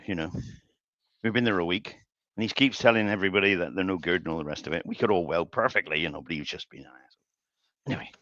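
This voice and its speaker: A man's voice: lowish voice, a bit bright, dry recording. An older man hosts a live woodturning stream, rambling through workshop anecdotes with chuckles and frequent restarts. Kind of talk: casual storytelling while working. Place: home workshop. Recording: dull lo-fi stream audio.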